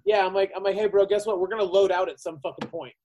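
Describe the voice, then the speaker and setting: A man's voice: sits high, fairly even intonation, quick pace, warm tone, a little hiss or hum, rough recording. A man telling a profane road story in casual podcast chat, acting out the people he quotes. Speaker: podcast guest.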